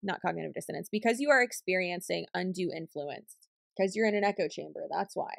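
A woman's voice: lowish voice, brisk, creaky, no room sound, studio quality. Blunt, sassy woman talking straight to camera. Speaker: commentary channel host. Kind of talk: reaction commentary vlog.

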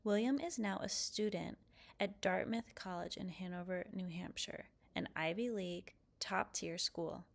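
A woman reading a children's picture book aloud, lively and expressive, then posing questions to young listeners. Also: lowish voice, unhurried, vocal fry. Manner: expressive, lively character quotes. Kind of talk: read-aloud storytelling.

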